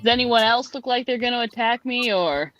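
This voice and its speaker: A woman's voice: on the high side, a little fast, a bit bright, muffled recording, faint music behind. A woman playing in a tabletop game, speaking hesitantly with fillers. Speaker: player. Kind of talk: casual tabletop game play.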